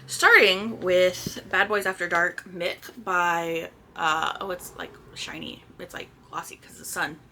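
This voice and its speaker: A woman's voice: on the low side, measured pace, few pauses, bright, forceful tone, slight background noise. A young woman chatting casually about books she read, scattered and full of restarts and fillers. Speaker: book vlogger. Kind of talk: casual chat. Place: indoors at home by a sunny spot.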